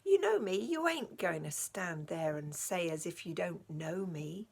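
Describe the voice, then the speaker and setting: A woman's voice: lowish voice, lively intonation, a little slow, gravelly, breathy edge, full character voice. A woman voicing a plain-spoken working-class cab driver with homely, colloquial speech. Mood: friendly.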